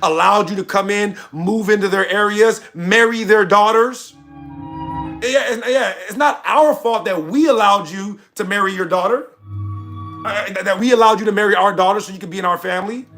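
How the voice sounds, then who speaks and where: Heated high-voiced man ranting. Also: moderate pace, fairly bright tone, soft background music. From United States. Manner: heated, argumentative, sarcastic. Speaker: streamer answering chat. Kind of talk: livestream rant.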